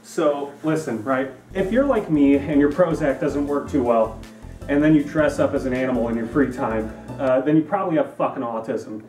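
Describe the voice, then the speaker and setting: A man's voice: medium pitch, moderate pace, darkish tone, echoey room, distant mic, faint music behind. A young man delivering a profane, rambling comedy rant, repeating himself to hammer points. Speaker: comedy vlogger.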